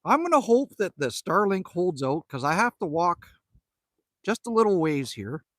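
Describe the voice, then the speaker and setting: Lively high-voiced man chatting on a live stream. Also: normal speed, no echo. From Canada. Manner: ranting, joking, reading out viewer names. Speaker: livestream host. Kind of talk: casual live-stream chat. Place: outdoors at a rural cabin.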